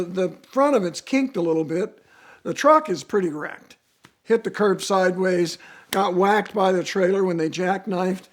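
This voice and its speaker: Guy with a high voice telling a racing story, lots of ups and downs in how he says it. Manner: animated storytelling with swings in pitch and volume. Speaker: guest storyteller, racer. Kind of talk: casual anecdote.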